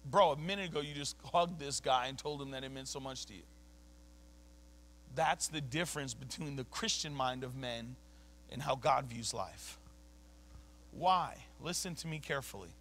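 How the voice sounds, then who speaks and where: A man's voice: medium pitch, normal speed, fairly bright tone, slight background noise. A man preaching a sermon as a pastor, emphatic and conversational, dropping casual slang between points. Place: church sanctuary.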